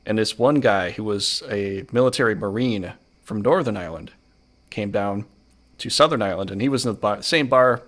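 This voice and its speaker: A man's voice: lowish voice, normal speed, a bit bright. A man hosting a casual podcast chat, telling rambling stories with many fillers. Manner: rambling, filler-heavy storytelling. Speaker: podcast host.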